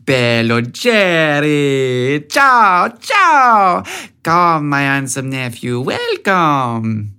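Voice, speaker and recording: A man voicing an effusive older aunt with a heavy Italian accent, loud and welcoming, in an audiobook. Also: on the high side, very animated, drawn-out words, smooth, pitched above the performer's own voice, exaggerated voice. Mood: exuberant.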